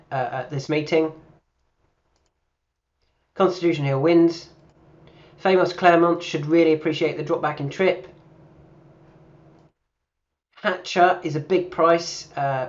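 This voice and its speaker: Man, racing tipster, fairly high voice, chatty, full of fillers, dull lo-fi sound. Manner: chatty, thinking aloud with many fillers. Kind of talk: casual racing analysis.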